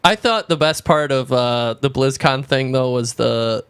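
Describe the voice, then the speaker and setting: A man's voice: medium pitch, fairly bright tone, smooth, no echo. A man co-hosting a podcast in casual, joking chat. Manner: joking, quick asides, occasional mocking voices. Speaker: podcast co-host.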